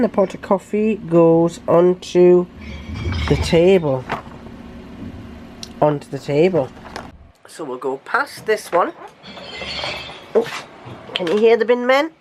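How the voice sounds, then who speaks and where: An older woman with a low, lively voice chats casually in her home vlog, laughing easily as she talks. The sound is a little distant, with faint noise behind her. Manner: chatty, laughing often, coos to her cat in a high voice. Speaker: vlogger.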